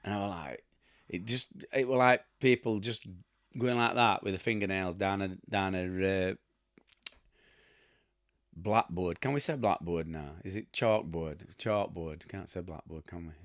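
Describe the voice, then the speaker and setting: Low-voiced, blunt Yorkshireman. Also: unhurried, no room sound, studio quality. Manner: rambling storyteller, chuckling, blunt asides. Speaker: host. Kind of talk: casual chat to camera.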